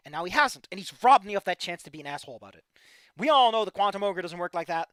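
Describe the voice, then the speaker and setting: A tired man reading fan fiction aloud into a desk microphone, ranting and swearing, sliding from low tired mumbles to loud yelling. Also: lively intonation, fast talker, no room sound, clean studio sound, faint music behind. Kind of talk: casual live reading and commentary.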